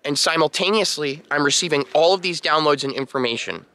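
A young man casually telling a personal story to the camera, lively and imitating sounds. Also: a little high, a little fast. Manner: animated, imitates beeping sounds. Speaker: vlogger.

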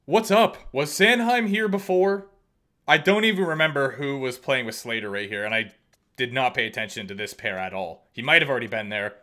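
Bright-voiced young man commenting on gameplay. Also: mid-range voice. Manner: chatty, self-mocking, excitable outbursts. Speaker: gaming YouTuber.

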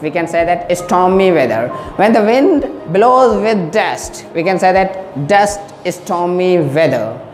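A woman's voice: fairly low pitch, darkish tone, roomy sound, long reverb tail. A woman teaching a beginner English lesson who says words twice for drill and checks in often. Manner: slow, repeats words for drilling pronunciation.

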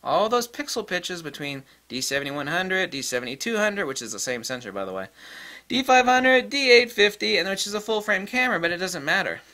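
A man's voice: high-pitched, big pitch swings, a little fast, pushed and bright. A middle-aged man hosting a photography channel, talking bluntly and emphatically, repeating key points as he rants. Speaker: photography video host. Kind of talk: emphatic solo tech rant.

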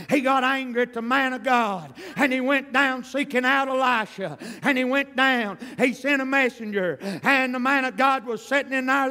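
A man's voice: very high voice, pushed and bright. A man preaching a folksy, emphatic revival sermon in a church, drawing out his phrases. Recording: hall reverb.

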